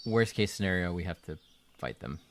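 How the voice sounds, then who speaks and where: A man voicing a calm, diplomatic male adventurer ally with an easygoing, matter-of-fact manner, close to his own voice. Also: sits low, fairly quick, slight background noise. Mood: reassuring.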